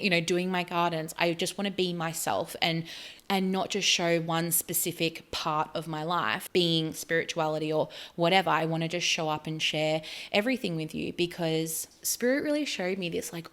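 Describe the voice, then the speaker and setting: A woman's voice: fairly low pitch, a bit bright. An Australian woman in her thirties talking casually to camera, rambling and chatty with plenty of "like". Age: 30s. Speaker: spiritual vlogger.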